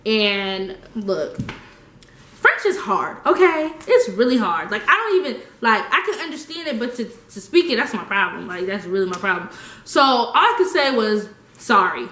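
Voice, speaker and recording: A young woman telling a story casually, animated and slangy, laughing often. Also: mid-range voice, moderate pace, reverberant, slight background noise. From United States. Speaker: vlogger.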